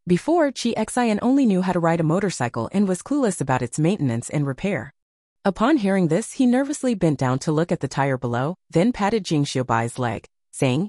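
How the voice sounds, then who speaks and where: A woman's voice: on the low side, sing-song, fairly quick, mellow, no room sound. Woman reading a web novel, lots of ups and downs in her voice, dry close mic. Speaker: narrator. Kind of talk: scripted audiobook narration.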